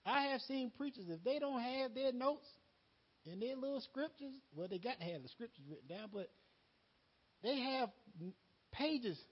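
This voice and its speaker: Man, lay preacher, high husky voice, folksy and laughing, muffled lo-fi church tape. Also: lively intonation, moderate pace. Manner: folksy, laughing, repeats words, quotes conversations. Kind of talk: unscripted sermon.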